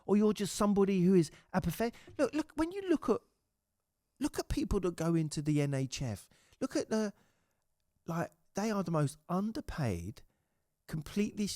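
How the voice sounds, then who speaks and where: Swearing man, lively storyteller. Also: high voice, moderate pace, no room sound, clean studio sound. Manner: swears freely, animated storytelling with acted quotes. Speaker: podcast host. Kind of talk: casual storytelling chat.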